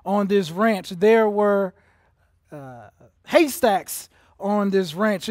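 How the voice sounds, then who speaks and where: A man preaching a livestreamed sermon as pastor, emotional and building from soft to intense. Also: high-pitched, drawn-out words, dry recording, studio quality. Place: church auditorium.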